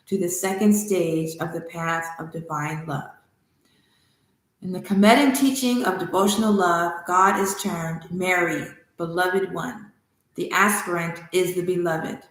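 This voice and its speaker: A woman's voice: on the low side, fairly bright tone. A woman spiritual teacher giving a casual devotional talk, a chatty, digressive storyteller who laughs easily and reads aloud from a book. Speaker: spiritual teacher and temple founder. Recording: very echoey room.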